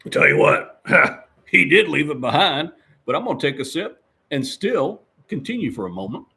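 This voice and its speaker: A man voicing a folksy, rambling middle-aged handyman who clears his throat often while chatting with viewers. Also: a little high, sing-song, moderate pace, pushed and bright, voice pushed up, heavily acted. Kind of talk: live-stream character chat reading viewer comments.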